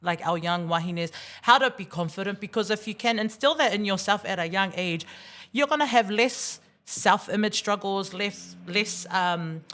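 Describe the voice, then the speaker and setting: A woman in her thirties from Tonga, a guest chatting casually on a podcast, bubbly and quick to joke and laugh. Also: mid-range voice, fairly bright tone. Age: 30s. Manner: bubbly, laughs often, jokey asides. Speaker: guest, radio presenter.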